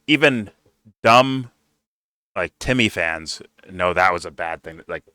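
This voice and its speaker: A man's voice: fairly low pitch, bright, forceful tone, smooth, no echo, clean studio sound. Sarcastic man ranting over clips. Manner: mocking, sarcastic, blunt. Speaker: commentary host reacting to clips. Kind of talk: profane reaction commentary.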